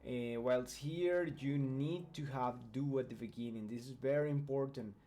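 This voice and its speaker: A man whose first language is Spanish explains English grammar in a video lesson. His voice is mellow and warm, and he walks through each point patiently. He pauses to check that the viewer is following. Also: mid-range voice. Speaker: English teacher.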